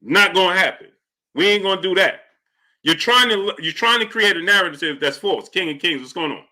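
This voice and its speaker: A man's voice: fairly high pitch, pushed and bright. A man hosting a live stream, talking casually and emphatically, repeating his points and greeting his viewers.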